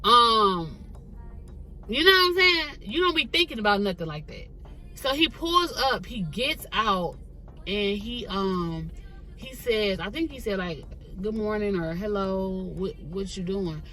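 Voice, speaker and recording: Young woman vlogger, bright and lively, recording storytime in her car. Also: medium pitch, measured pace, faint music behind, low-quality recording. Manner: chatty, animated, addresses viewers as "girl". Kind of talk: casual storytime chat. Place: parked car.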